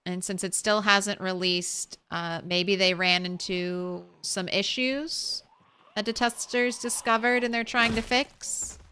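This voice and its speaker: A woman's voice: medium pitch, fairly even intonation, takes it slowly, bright, forceful tone, a little hiss or hum. A woman streamer chatting casually while she plays, thinking aloud and laughing easily. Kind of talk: casual gameplay commentary.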